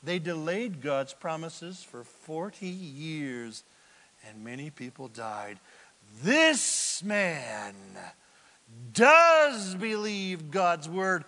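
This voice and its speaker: A man preaching a sermon as pastor, swinging dramatically from hushed, almost whispered asides to loud, emphatic declarations. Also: on the high side, very animated, extremely slow. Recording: long reverb of a large hall.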